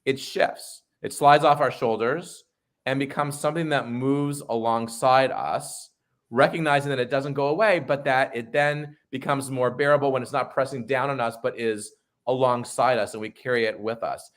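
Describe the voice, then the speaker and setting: A man, a rabbi interviewing an author, asking questions in slow, deliberate phrases with brief restarts. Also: mid-range voice, steady tone.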